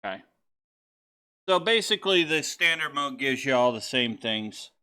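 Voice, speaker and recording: A man's voice: medium pitch, expressive, moderate pace, pushed and bright, smooth. A man hosting a let's-play video, talking casually and rambling with lots of fillers and restarts as he sets up a game. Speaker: gaming channel host.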